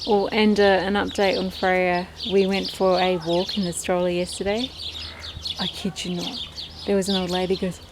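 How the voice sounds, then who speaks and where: An Australian woman with a lowish voice speaks in a level tone at a moderate pace, chatting casually to camera about her poultry in a backyard and talking to her birds as she goes. The outdoor recording carries background noise and loud birdsong.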